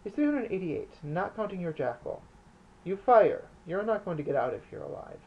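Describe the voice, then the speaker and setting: A man reading the part of a cold, calculating male arms smuggler who speaks calmly and precisely. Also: high-pitched, moderate pace, husky, dull audio, pitched above the performer's own voice, exaggerated voice. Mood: cold, controlled.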